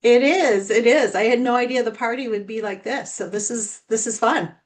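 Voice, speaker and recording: A woman's voice: a little high, moderate pace. A middle-aged woman, a co-author on a video call, answering interview questions cheerfully. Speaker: co-author guest.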